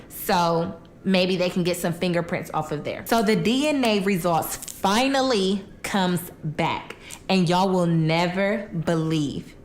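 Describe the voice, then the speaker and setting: A woman's voice: mid-range voice, a little hiss or hum. A young woman casually telling a true crime story while eating, chatty and colloquial, acting out the quotes.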